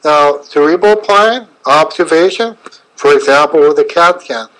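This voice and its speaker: Halting middle-aged man lecturing a webinar. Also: on the high side, lively intonation, a bit bright, rough recording. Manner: halting, fragmented phrasing with frequent fillers. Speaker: chiropractor presenting a webinar.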